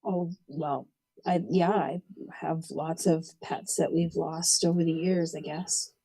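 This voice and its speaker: A woman's voice: low-pitched, steady tone, slow pace, husky, low-quality recording. Hesitant woman on a video call. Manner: hesitant, unsure, laughs softly. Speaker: guest receiving a reading. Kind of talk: casual chat.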